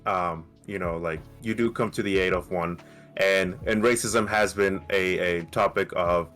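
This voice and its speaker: Emphatic low-voiced man on a podcast. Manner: animated, emphatic, swears freely. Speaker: podcast co-host. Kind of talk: casual podcast debate.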